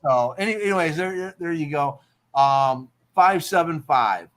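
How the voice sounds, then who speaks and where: A man's voice: a little high, animated, measured pace. Casual man explaining poetry terms. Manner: explains terms, checks in with "okay?". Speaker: podcast host.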